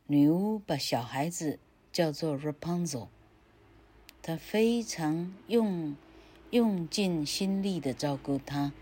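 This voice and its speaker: Slow, low-voiced woman reading a story. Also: expressive, mellow, slightly rough. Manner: careful, measured reading with pauses. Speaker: grammar teacher. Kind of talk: bilingual story reading for learners.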